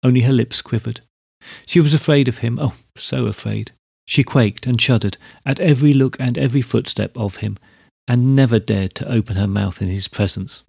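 A man reading a story aloud as narrator, in measured, even storytelling. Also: medium pitch, vocal fry, breathy edge, dry recording, studio quality.

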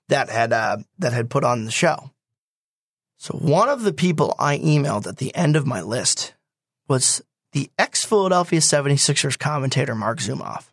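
A young man telling a personal story in casual talk, animated and quick to quote others. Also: medium pitch, dry recording, clean studio sound.

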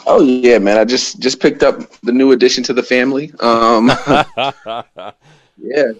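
A man's voice: medium pitch, fairly even intonation, unhurried. A man guesting on a podcast as a pro wrestler, talking in a laid-back, easygoing way with frequent laughs. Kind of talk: casual chat.

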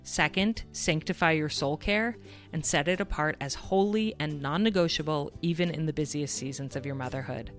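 A woman's voice: sits low, moderate pace, soft background music. A woman in her thirties hosting a parenting podcast, telling a personal story in an earnest, reflective way. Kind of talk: scripted podcast monologue.

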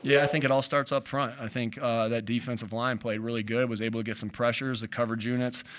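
Rambling football coach at a podium. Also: male voice, medium pitch, level tone, fast talker, a bit bright. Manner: rambling, frequent restarts and "like" fillers. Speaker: head coach. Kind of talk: postgame press conference answers. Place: press conference podium.

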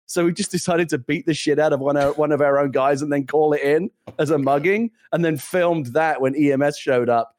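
A middle-aged British man tells a story in casual chat, rattling along at a brisk clip. He laughs often and restarts his sentences as the ideas tumble out. His voice sounds close and dry, with no room around it. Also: on the high side, a little mellow, no echo. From Britain. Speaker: podcast co-host.

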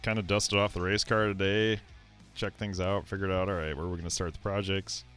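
A man's voice: low-pitched, little pitch movement, a little fast, fairly bright tone, clean tone, soft background music. A man co-hosting a racing talk show, chatting in an easygoing, joking, rambling way. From South Dakota. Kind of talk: casual chat.

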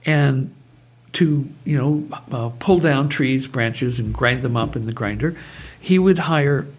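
A man's voice: mid-range voice, slow pace. A man guest telling stories in conversation, digressive and prone to tangents. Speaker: guest, brainwave trainer. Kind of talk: conversational storytelling.

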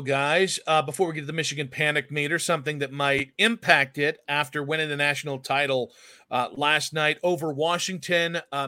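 A man co-hosting a sports talk show, ranting with fiery, sarcastic opinions. His tone is bright and forceful, a little higher than most men. The sound is dry and close, with no room around it. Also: dry recording. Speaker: sports radio co-host.

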